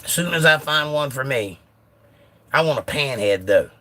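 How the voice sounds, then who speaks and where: Reading viewers' comments out loud with a joking manner, a US man chats his way through a casual phone livestream. He speaks at normal speed in a mid-range voice that is bright and forceful, with lively intonation.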